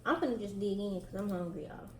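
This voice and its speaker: A woman's voice: medium pitch, quick pace, roomy sound, background noise. A young woman with a Southern US accent, a bit out of breath, chatting casually with viewers while eating. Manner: chatty, addresses viewers directly. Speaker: vlogger host.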